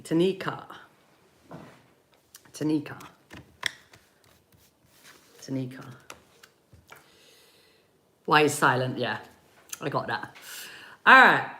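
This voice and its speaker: A woman giving tarot readings on a live stream, chatting gently with viewers and softly repeating their names as she tunes in. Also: low-pitched, a little hiss or hum. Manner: slow, soothing, repeats names while tuning in. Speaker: tarot reader.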